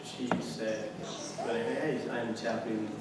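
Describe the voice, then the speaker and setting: A male pastor giving a conversational sermon, shifting between quiet storytelling and loud, emphatic passages. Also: lowish voice, steady tone, slow. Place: church sanctuary. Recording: echoey church from a distant mic with noise.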